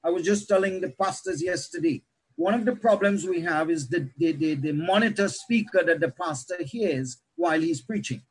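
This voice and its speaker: A man, himself a pastor, lecturing other pastors on how to preach, with animated teaching that shifts pace and loudness. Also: a little high, moderate pace, slightly rough, rough recording.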